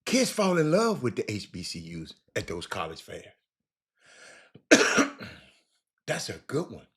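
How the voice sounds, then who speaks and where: Man, live-stream host, lively swinging pitch, bright voice, shouts then mutters. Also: takes it slowly. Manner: animated, swings from shouts to mutters, repeats himself. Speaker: host reading live chat. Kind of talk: casual live-stream chat.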